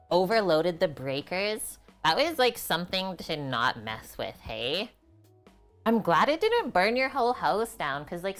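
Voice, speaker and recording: A young woman talks through her cooking on a livestream, answering chat as she goes. Her voice is a little low for a woman but swings lively up and down. Soft music and sizzling sit faintly behind her in a home kitchen. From half French. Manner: chatty, reads and answers chat while cooking.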